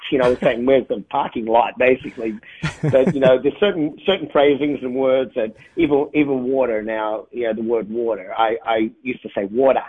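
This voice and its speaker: Australian man on a husky phone line. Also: mid-range voice, a little fast. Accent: Australian softened by years in America. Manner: rambling, restarts often, laughs easily. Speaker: touring band musician, interview guest. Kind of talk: phone interview, thinking aloud.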